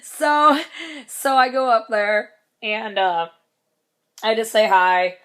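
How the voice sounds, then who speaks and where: A woman's voice: fairly high pitch, animated, slow, fairly bright tone, smooth. Young woman rambling through a story. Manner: rambling, swears casually, laughs between lines. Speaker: vlogger. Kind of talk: casual storytelling vlog.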